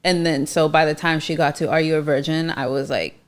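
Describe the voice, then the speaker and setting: A woman in her thirties co-hosting a podcast, telling a story in an expressive, casual way. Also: low-pitched, fairly quick. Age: 30s. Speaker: podcast co-host. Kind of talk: casual chat.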